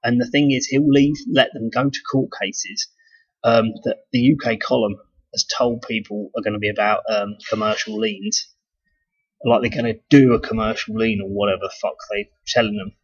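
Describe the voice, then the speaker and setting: Rambling husky British man. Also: lowish voice, little pitch movement, normal speed. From United Kingdom. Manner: rambling, swears, many restarts. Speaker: video blogger. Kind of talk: casual monologue. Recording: dull lo-fi sound.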